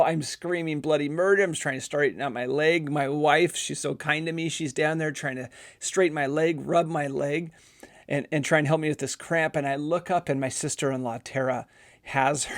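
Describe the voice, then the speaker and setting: A middle-aged podcast host who works as a physical therapist tells a casual story in a gravelly voice on the high side. He repeats words often and uses many fillers.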